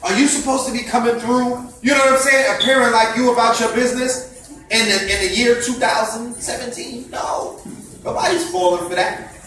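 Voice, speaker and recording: Fiery preachy man, high bright voice. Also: fairly even intonation, moderate pace, slight background noise. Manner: fiery, preachy, piles up rhetorical questions. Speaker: speaker addressing a gathering. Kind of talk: impassioned lecture. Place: indoor event space. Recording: echoey room, voice far from mic.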